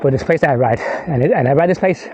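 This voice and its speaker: Man, breathless trail-riding vlogger, slightly high voice, rambling with muttered swears, outdoor wind and rattle in the mic. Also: quick pace, dull audio. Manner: rambling, restarts, swears under his breath. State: out of breath from climbing. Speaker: mountain biker filming his ride. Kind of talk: casual ride vlog talk. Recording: clear wind and rattle noise.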